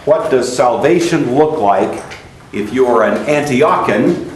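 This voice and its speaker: A man's voice: mid-range voice, expressive, measured pace. Man lecturing in an echoey classroom. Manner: questioning students, then explaining at length. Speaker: teacher. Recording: echoey classroom with faint noise.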